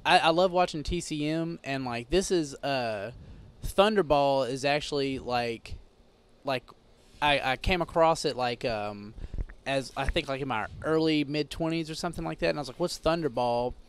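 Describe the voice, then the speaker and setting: A man's voice: mid-range voice, moderate pace, clear, resonant tone. A man in casual chat as a podcast guest, rambling, with lots of fillers and cursing.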